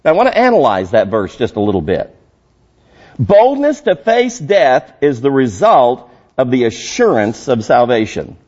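A male pastor preaching a sermon emphatically, rising to loud high peaks and dropping to low quiet lines. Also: sing-song, moderate pace, dull audio.

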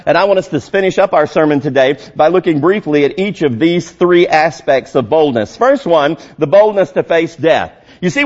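A male pastor preaching a sermon emphatically, rising to loud high peaks and dropping to low quiet lines. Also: highs cut off.

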